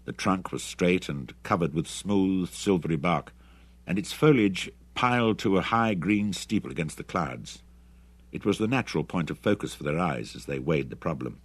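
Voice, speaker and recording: A man narrating an adventure novel audiobook in an expressive, dramatic reading. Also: low-pitched, normal speed, slightly rough. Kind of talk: scripted narration.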